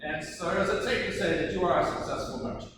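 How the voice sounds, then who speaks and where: An actor playing a theatrical colonial lawyer with an Irish accent, questioning witnesses in a live courtroom reenactment. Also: male voice, high-pitched, quick pace, fairly bright tone. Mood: showy. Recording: echoey hall, distant mic, background noise.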